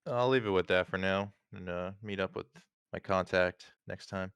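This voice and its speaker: A man's voice: low-pitched, normal speed, fairly bright tone, smooth, no room sound. A man taking part as a player in a tabletop game, giving brief, matter-of-fact replies. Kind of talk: casual tabletop play.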